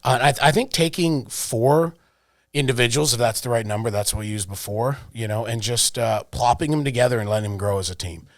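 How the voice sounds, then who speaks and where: A man's voice: medium pitch, fairly quick, no room sound. Man, interview guest, storyteller, mid-range voice, dry close sound. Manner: lively storyteller, fillers and restarts. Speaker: wrestling executive guest.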